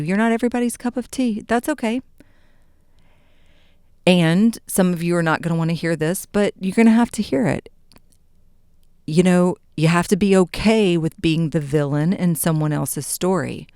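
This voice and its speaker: A woman hosting a podcast, giving an animated motivational talk with playful, mock-dramatic asides. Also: medium pitch, smooth, dry recording, studio quality. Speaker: podcast host. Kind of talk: motivational monologue.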